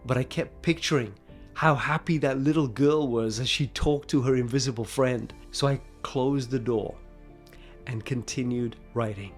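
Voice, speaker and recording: A man telling a personal faith story in an expressive, dramatic way, moving between hushed and emphatic delivery. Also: mid-range voice, measured pace, faint music behind.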